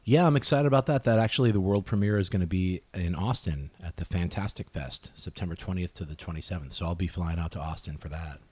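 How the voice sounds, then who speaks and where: Low-voiced, relaxed man. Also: slightly rough, no room sound. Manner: relaxed, halting, laughs at himself. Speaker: guest, animation director. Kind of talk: casual podcast chat.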